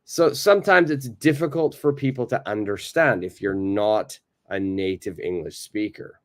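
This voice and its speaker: A man's voice: fairly low pitch, normal speed. A man with a North American accent teaching a live online English lesson, patiently repeating phrases for learners to copy.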